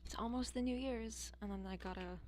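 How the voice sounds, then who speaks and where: American woman streaming, swears a lot, rambles and thinks out loud, bit of hum behind her. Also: fairly high pitch, brisk. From United States. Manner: blunt and profane, rambling and musing aloud. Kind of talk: casual chat.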